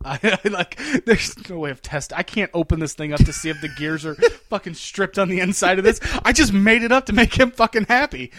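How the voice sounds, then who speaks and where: Casting: young male podcast host, bright high voice, dry close mic, laughs through his own anecdotes. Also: brisk, hardly any pauses, no room sound. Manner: laughing, animated storyteller, swears freely. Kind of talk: casual storytelling chat.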